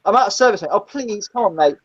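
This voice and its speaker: A woman's voice: mid-range voice, expressive, fast, lo-fi sound. A woman telling stories about her old driving jobs in casual chat, blunt and swearing, acting out the people she met. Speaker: guest, former taxi driver. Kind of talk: casual storytelling in a live chat.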